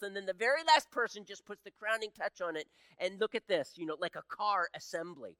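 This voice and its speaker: A man in his sixties preaching a sermon as pastor, swinging between loud emphatic peaks and hushed low passages. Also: animated, brisk, dry recording, clean studio sound. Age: 60s.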